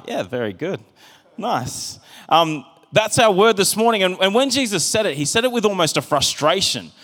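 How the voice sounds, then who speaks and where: A pastor preaches in a casual, chatty way, often stumbling and restarting mid-phrase. His voice sits a little high for a man. It carries the long reverb of a church hall. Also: a bit bright. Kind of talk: sermon.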